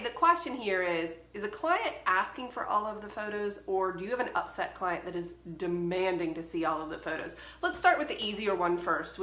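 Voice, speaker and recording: A woman's voice: mid-range voice, pushed and bright, roomy sound. A woman hosting a photography advice show, speaking firmly and directly. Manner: firm, direct and emphatic. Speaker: photography educator and podcast host. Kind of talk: solo talk to camera, advice.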